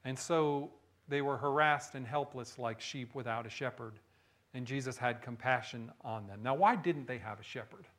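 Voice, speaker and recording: A man preaching a sermon, animated, swinging from hushed low lines to loud high bursts and often asking the listeners "right?". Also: normal speed. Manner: asks the audience questions, frequent "right?". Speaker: pastor.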